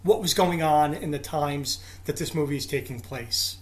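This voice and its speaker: A man's voice: a little high, moderate pace. A man with a somewhat raised voice chats casually about films. He sounds openly enthusiastic and unashamedly sentimental about the scenes he loves. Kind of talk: casual chat about movies.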